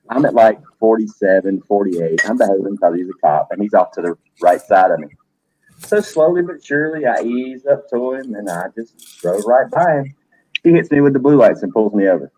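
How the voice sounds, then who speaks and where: Middle-aged guy w a husky voice, laid back, talking to his stream, swears a bit. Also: lowish voice, expressive, brisk, mellow, no echo, poor audio. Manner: chatty, profane, greets viewers by name. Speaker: livestream host. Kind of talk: casual livestream chat.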